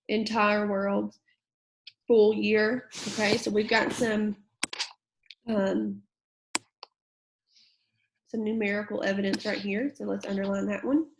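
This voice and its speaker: A woman's voice: medium pitch, poor audio. A woman teacher giving a recorded middle school English lesson. She reads a passage aloud and then explains it in a patient, conversational way with plenty of fillers.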